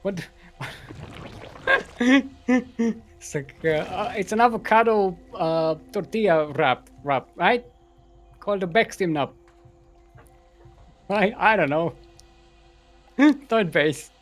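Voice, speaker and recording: A man's voice: high voice, lively intonation, takes it slowly, pauses often, soft background music. A man casting a live strategy game tournament, giving running commentary in a goofy, playful way and laughing at his own jokes. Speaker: esports caster.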